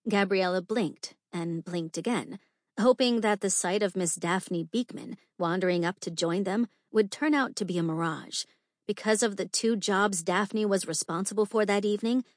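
A woman narrating an audiobook with a measured, clear storytelling delivery. Her voice sits at a middle pitch. The recording is dry and close, with no room sound. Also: dry recording.

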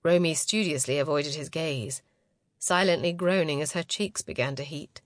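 A woman narrating a science fiction audiobook in a steady, even manner. Her voice sits a little low, and the close sound is dry, with no room around it. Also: moderate pace, dry recording. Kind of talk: scripted narration.

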